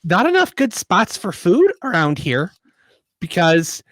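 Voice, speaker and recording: A man voicing a chatty, peckish male halfling adventurer in a thin, high, helium-like voice, rambling politely in a tabletop role-play. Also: huge pitch swings, unhurried, a bit bright, no room sound, full character voice. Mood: rambling, grateful.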